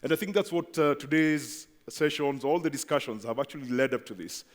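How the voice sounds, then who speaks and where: Guy doing a talk on stage, asks the crowd stuff, normal pitch, echoey hall. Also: brisk. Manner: chatty, engages audience with questions. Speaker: company speaker at event. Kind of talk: presentation to audience. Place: large event hall. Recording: long hall reverb.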